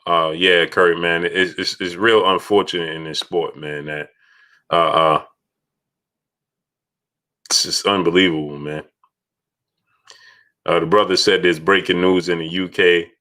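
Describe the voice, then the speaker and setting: Deep bright-voiced man hosting a livestream. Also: little pitch movement, unhurried, pauses often. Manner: shouts out chat donors, repeats himself. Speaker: livestream host. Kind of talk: casual livestream chat.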